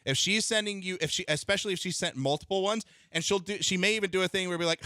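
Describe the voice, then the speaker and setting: A man's voice: fairly high pitch, quick pace, hardly any pauses, sharp tone, clean tone, no room sound, studio quality. A man co-hosting a radio show, chatting casually and playfully giving advice. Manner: playful, joking, confident.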